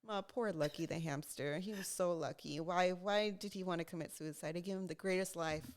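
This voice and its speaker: A young adult woman co-hosting a podcast, telling a story in casual chat, lively and laughing as she acts out what people said. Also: on the low side, a little fast. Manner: animated, laughing, acts out quotes. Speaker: podcast co-host.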